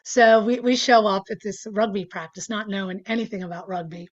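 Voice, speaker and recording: A woman's voice: medium pitch, fairly even intonation, a little fast, highs cut off. A woman in her sixties, chatting casually as an interview guest, with lots of fillers and frequent laughter. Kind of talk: casual storytelling.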